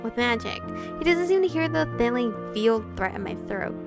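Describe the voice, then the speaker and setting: A woman's voice: fairly high pitch, animated, brisk. A woman reading a visual novel aloud, giggling and stumbling over names, with music playing behind her.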